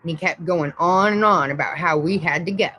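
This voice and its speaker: A woman's voice: fairly low pitch, fairly quick, bright, forceful tone, a little hiss or hum, poor audio. A woman hosting a livestream, telling a rowdy personal story in a rambling, profane, blunt way. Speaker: livestream host. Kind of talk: casual storytelling.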